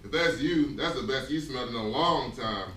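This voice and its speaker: A man's voice: medium pitch, sharp tone, slight background noise, natural voice. A man playing a dim-witted, bumbling giant. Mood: grumpy. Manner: slow, bumbling, forgets his lines. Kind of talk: amateur stage skit. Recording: echoey room from far off.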